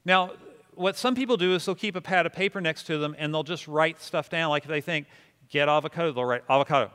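A man's voice: fairly high pitch, fast, a bit bright, clean tone. A man preaching to a congregation, teaching prayer in a casual, self-deprecating way and inviting the room to repeat words with him. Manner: conversational, self-deprecating, leads congregation in responses. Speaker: pastor. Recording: long reverb of a hall.

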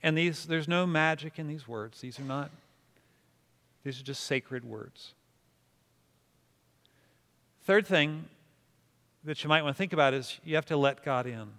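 A man with a higher-leaning voice, a fairly bright tone and a moderate pace preaches to his congregation. The pastor teaches prayer casually and with self-deprecating humor, conversationally inviting the room to repeat words after him. A hall's long reverb fills the recording.

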